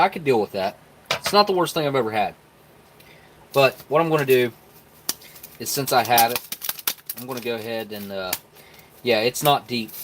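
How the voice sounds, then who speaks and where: Brief: male stream host, mid-pitched, relaxed folksy chatter, talks straight to viewers. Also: a little hiss or hum. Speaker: live stream host reviewing military rations. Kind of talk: casual live-stream chat.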